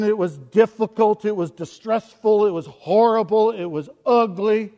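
A man preaching a sermon as pastor, impassioned, swinging from quiet to loud and piling up rhetorical questions. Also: high voice, measured pace. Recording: long hall reverb.

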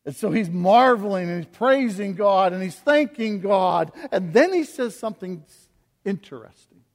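A man preaching a sermon as pastor, impassioned, swinging from quiet to loud and piling up rhetorical questions. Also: high voice, lively intonation, normal speed. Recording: long hall reverb.

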